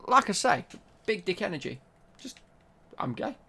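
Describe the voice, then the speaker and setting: Gravelly young man streaming. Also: high voice, big pitch swings, normal speed, sharp tone. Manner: banter, reading out and answering chat. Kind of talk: casual live-stream chat while gaming.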